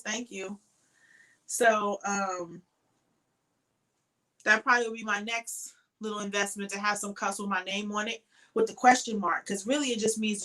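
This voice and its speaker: A woman's voice: mid-range voice, fairly even intonation, a little slow, long pauses, sharp tone, rough recording. A tired woman hosting a casual crochet live stream, chatting in a rambling way and thanking viewers by name.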